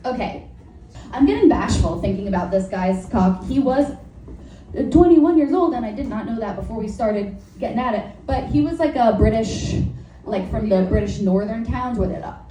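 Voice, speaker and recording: A woman's voice: medium pitch, expressive, moderate pace, dark tone. A woman doing a crude, rambling stand-up set, often interrupting herself and laughing at her own jokes. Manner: frank, crude, filler-heavy. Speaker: stand-up comedian. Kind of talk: stand-up set, work in progress. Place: live comedy venue with audience. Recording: roomy, distant live recording with faint noise.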